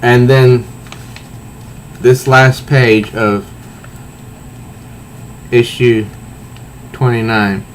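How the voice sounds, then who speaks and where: A man casually reviewing a comic book and reading its panels aloud, halting often and restarting his sentences. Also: mid-range voice, fairly even intonation, a little hiss or hum. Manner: halting, with frequent restarts and fillers.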